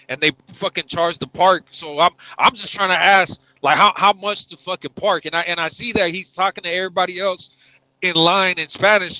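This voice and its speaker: A man telling animated, profane stories in casual chat. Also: high voice, no room sound, rough recording.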